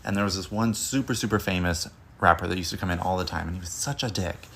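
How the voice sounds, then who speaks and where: A man's voice: deep voice, quick pace, fairly bright tone. A man who used to work as a restaurant server, telling a story sarcastically and with exasperation. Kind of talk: casual storytelling.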